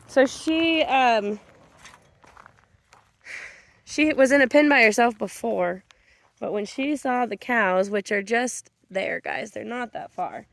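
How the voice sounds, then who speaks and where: A young woman chatting casually as she films her farm animals, rambling and affectionate. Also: a little high. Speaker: farm owner. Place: outdoors on a farm.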